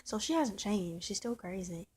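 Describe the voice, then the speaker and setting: A woman's voice: medium pitch, expressive, moderate pace, a little mellow, husky. A woman talking straight to camera in a personal vlog, venting and often restarting and repeating her words. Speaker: vlogger.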